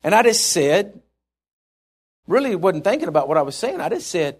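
A man's voice: sits high, big pitch swings, moderate pace, pauses often, slightly rough. A middle-aged male pastor preaching a sermon, telling stories in a rambling, chuckling way with many restarts.

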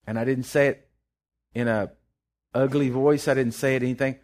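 A man preaching a sermon, impassioned, rising loud then dropping soft, often restarting his words. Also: medium pitch, steady tone, normal speed.

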